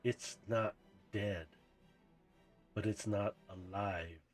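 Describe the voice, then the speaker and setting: A man's voice: fairly low pitch, fairly even intonation, drawn-out words, soft background music. A man voicing a stern female robot scientist. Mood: grave. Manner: quiet, dead serious, threatening.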